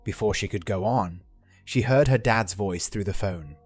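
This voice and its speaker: Low-voiced male story narrator. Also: moderate pace, slightly rough, no room sound, faint music behind. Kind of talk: scripted narration.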